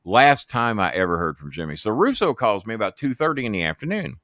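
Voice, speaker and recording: A man's voice: lowish voice, quick pace, no room sound, studio quality. A man in his sixties, a podcast guest who tells stories full of swearing and acts out what others said. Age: 60s. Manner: animated storyteller, swears freely, acts out quotes. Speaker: guest, former wrestling manager. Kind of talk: profane storytelling in a podcast chat.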